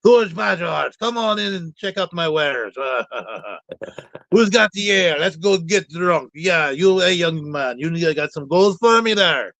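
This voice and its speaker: A boisterous dwarf trader, hearty and beer-loving, in a hammy Scottish accent, as a man puts him on. The voice is pushed noticeably higher than a natural speaking voice. It carries the rowdy patter of a tavern host who is eager to sell. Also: expressive, slow, a bit bright, no echo, full character voice. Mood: jovial. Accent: bad Scottish accent. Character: boisterous male dwarf merchant, beery and jovial.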